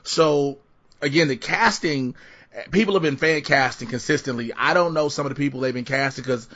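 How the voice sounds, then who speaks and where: A man hosting a podcast in casual chat, brash and joking, an animated storyteller. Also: medium pitch, normal speed. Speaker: podcast host. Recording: dull, muffled podcast audio.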